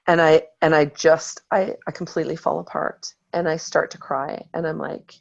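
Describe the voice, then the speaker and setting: A woman in her forties telling a lively personal story in a motivational talk to her team, acting out what she said. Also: sits low, moderate pace, gravelly, few pauses, muffled recording. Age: 40s. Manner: animated storytelling, acts out quotes.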